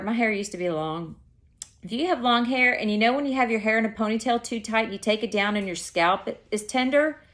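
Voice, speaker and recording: A woman's voice: medium pitch, a bit bright. Rambling woman vlogging. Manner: rambling, self-correcting storyteller. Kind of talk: casual chat to camera.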